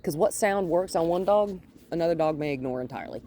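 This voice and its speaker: A man working as a dog trainer outdoors on a driveway, explaining his steps while softly praising the dog. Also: fairly high pitch, fairly even intonation, fast talker, few pauses, a little hiss or hum. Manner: gentle, coaxing praise to a dog between explanations. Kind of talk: casual training vlog.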